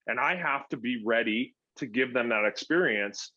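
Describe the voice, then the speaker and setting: A middle-aged man talks shop in a casual podcast chat, his voice bright and forward with a bit of edge. He tells stories animatedly and slips into the voices of the people in them. The sound is dry and a little dull, like a lo-fi recording. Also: medium pitch, normal speed, dry recording. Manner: animated storytelling, acting out what he says to himself and to others. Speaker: guest, former pro pitcher and youth coach.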